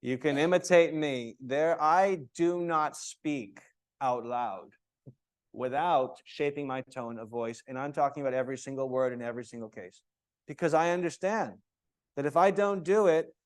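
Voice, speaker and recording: A man teaching a yoga teacher training class, talking in an emphatic, animated way and often checking in with his students. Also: a little high, moderate pace, clear, resonant tone.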